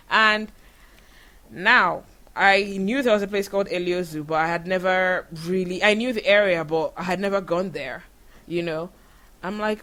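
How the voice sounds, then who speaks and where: Chatty Nigerian woman with a bright voice. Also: medium pitch, normal speed. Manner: chatty, animated, uses many fillers. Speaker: podcast host. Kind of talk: casual storytelling monologue.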